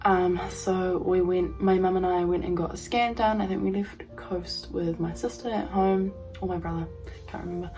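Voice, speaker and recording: A young woman vlogging to camera, telling a personal story in a halting way full of ums and likes. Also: lowish voice, fairly even intonation, warm tone, soft background music, rough recording.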